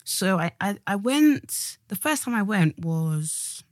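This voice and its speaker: A woman's voice: mid-range voice, very animated, slow, no room sound, clean studio sound. A woman, co-hosting a podcast in casual, slangy chat that trails off and restarts. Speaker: podcast co-host.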